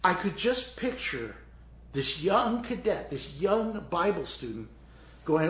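A man preaching a sermon as pastor in a chatty, animated way, acting out scenes as he goes. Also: high voice, slow, reverberant. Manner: animated, conversational, acts out scenes.

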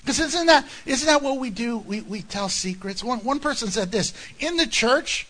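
A male pastor delivers a sermon in a high, bright voice that leaps up and down in pitch, speaking animatedly at a moderate pace. He addresses the congregation conversationally, slipping in jokes and asides.

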